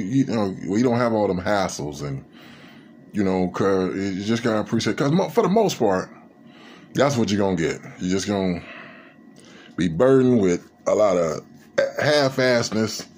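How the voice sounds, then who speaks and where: A man's voice: on the low side, darkish tone. Guy rambling on camera, cussing a lot, tons of "you know" and "like". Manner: rambling, profane, many fillers. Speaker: vlogger. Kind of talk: casual reflective monologue.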